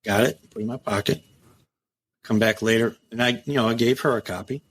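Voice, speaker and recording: This middle-aged man, a former prison captain, speaks fairly quickly at medium pitch while telling war stories in a relaxed interview. His delivery is animated and profane, full of swearing and acted-out dialogue.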